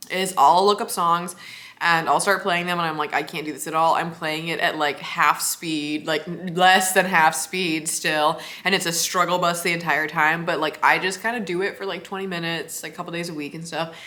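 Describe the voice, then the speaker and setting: A young woman talking straight to her camera in a loose, rambling way, full of "like" and small laughs. Her voice is bright and a touch low-pitched, and she keeps a relaxed everyday chatter going. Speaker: vlogger. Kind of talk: casual talk to camera.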